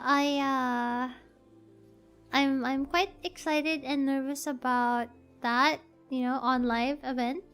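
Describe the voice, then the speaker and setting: Woman, very high voice, sleepy, playful rambling, faint music behind. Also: fairly bright tone. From Philippines. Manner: playful, rambling, reads chat aloud. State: tired, half asleep. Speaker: VTuber streamer. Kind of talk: casual chat stream.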